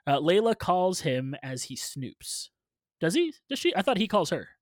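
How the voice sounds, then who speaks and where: A man's voice: sits high, sing-song, normal speed, no echo, clean studio sound. A man in his thirties reading out a plot summary on a podcast, breaking off into casual asides. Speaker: podcast host reading a recap.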